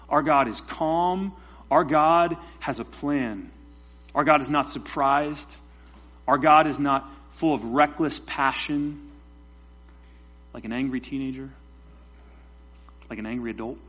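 A man preaching with a slightly husky, somewhat high voice. He presses his points with rhetorical questions and repeated phrases. The recording is dull and lo-fi, with a mains hum underneath. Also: a bit bright. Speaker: pastor. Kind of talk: sermon.

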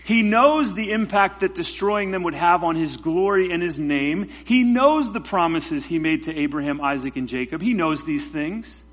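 A man preaching with a slightly husky, somewhat high voice. He presses his points with rhetorical questions and repeated phrases. The recording is dull and lo-fi, with a mains hum underneath. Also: normal speed, few pauses, a bit bright. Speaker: pastor. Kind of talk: sermon.

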